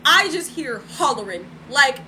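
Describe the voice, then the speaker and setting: A woman's voice: high-pitched, sing-song, measured pace, pushed and bright, slight background noise, poor audio. A woman telling a story in a casual live stream from home, chatty, laughing and talking to her viewers. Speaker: spiritual vlogger. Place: home room.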